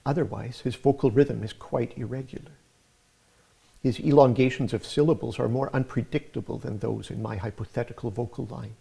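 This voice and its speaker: A male lecturer talks through his scripted material in a measured, explanatory manner. His voice is gravelly and mellow, with a slightly husky edge. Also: mid-range voice, steady tone. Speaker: music lecturer. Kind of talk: scripted academic narration.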